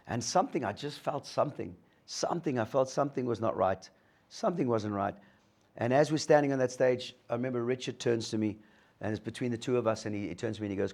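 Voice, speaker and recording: A man's voice: medium pitch, fast talker. Man telling his recovery story. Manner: storytelling, acting out dialogue with lively voice shifts. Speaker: guest speaker sharing a recovery story. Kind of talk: motivational talk to an audience.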